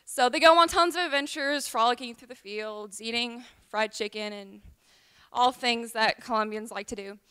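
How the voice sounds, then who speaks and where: A woman's voice: on the high side, normal speed, sharp tone, clear, resonant tone. A woman from Tennessee, telling a rambling tall tale at a liar's contest, full of ums. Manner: chatty, rambling, with many ums.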